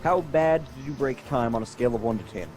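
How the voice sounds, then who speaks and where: A man's voice: medium pitch, fast talker, darkish tone, soft background music. A man co-hosting a casual gaming podcast, rambling through wry descriptions and tangents. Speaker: podcast co-host.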